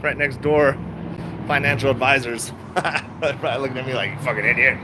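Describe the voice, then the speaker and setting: A man's voice: medium pitch, steady tone, moderate pace. Laid-back man rambling on a noisy phone video. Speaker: stock vlogger. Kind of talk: casual chat to viewers. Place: around his retail shop and car.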